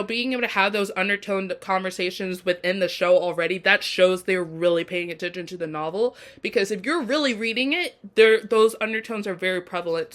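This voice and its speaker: A TV show reviewer gives a casual video review of an episode in a mid-range, fairly bright voice. She's chatty and effusive, frequently dropping fillers like "um" and "you know."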